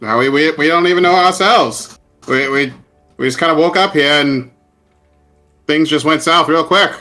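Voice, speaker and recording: A man's voice: fairly high pitch, moderate pace, bright, forceful tone, soft background music. A man playing a tabletop game, joking and stumbling over his words. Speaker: player. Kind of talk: casual tabletop game talk.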